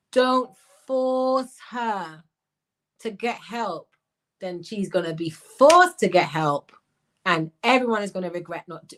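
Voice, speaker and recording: Animated woman a lilt. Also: mid-range voice. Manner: animated, slips into patois, bursts of laughter. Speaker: life coach and commentator. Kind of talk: livestream commentary reading comments.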